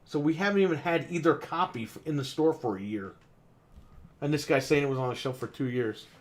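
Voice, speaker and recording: Exasperated man ranting, slightly high voice. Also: brisk. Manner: exasperated, swears a lot, acts out quotes. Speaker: podcast co-host and game store owner. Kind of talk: casual ranting story.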